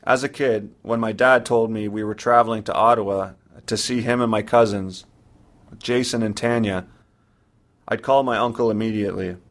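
A man narrating a personal story in the first person, in a somber, measured way. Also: on the low side, steady tone.

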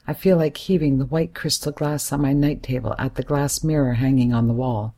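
A woman narrating her own story in the present tense, plain and inward. Her voice has a gravelly, husky grain. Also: extremely low pitch, fairly even intonation, brisk, few pauses, dark tone. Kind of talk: first-person audiobook narration.

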